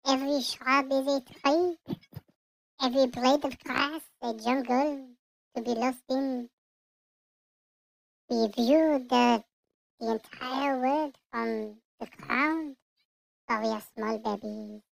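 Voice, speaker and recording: A melodramatic little French baby, as a player acts him out speaks slowly in a high, gravelly voice with a mock accent. Game music sits faintly under him. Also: a bit bright, heavily acted, poor audio. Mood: earnest. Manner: theatrical mock French accent, sprinkles French words. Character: dramatic small French baby chasing a runaway.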